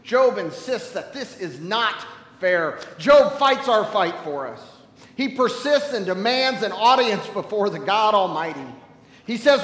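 A man preaching a sermon as a pastor, telling stories animatedly and swinging from loud to hushed. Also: high voice, lively intonation, measured pace, roomy sound, big-room sound, poor audio.

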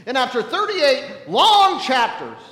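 A man preaching a sermon as a pastor, telling stories animatedly and swinging from loud to hushed. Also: very high-pitched, wildly swooping pitch, slow pace, echoey room, big-room sound, poor audio.

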